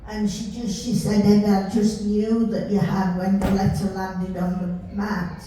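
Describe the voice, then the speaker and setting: An older woman with a Yorkshire accent, chatting warmly as she tells stories from her life. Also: medium pitch, little pitch movement, measured pace. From Yorkshire, England. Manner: chatty, warm storytelling with laughs. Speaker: storyteller recalling her life. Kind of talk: casual reminiscing. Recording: roomy, distant mic with faint hiss.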